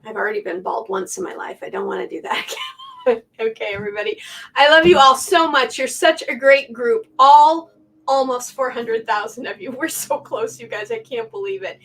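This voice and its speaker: A middle-aged woman who hosts a quilting channel chats to camera with her viewers, rambling along in a warm, heartfelt way. Her voice sits on the high side with a breathy edge, and she talks a little fast. She's a bit far from the mic.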